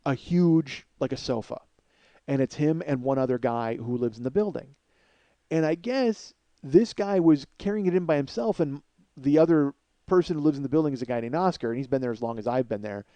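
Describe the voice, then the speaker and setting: A man hosting a podcast, telling a profane comedic story to listeners in an animated monologue. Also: mid-range voice, a little fast, dry recording, lo-fi sound. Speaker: podcast host.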